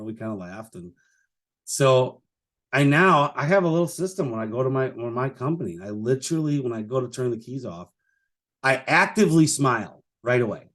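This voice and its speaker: A man's voice: mid-range voice, expressive, normal speed, fairly bright tone. Male podcast host, casual solo monologue, rambling delivery full of fillers, mid-range voice. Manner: rambling, many "you know" fillers and restarts; chuckles while telling stories. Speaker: podcast host, business owner.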